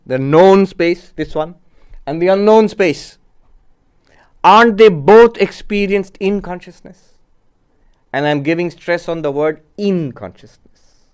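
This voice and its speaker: A male monk teaches philosophy in a clear, resonant voice that sits a little above the usual male pitch. He speaks in measured phrases and leans on key words. He often asks his listeners questions to make them think. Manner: measured, emphatic, poses rhetorical questions to listeners. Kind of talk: philosophy lecture.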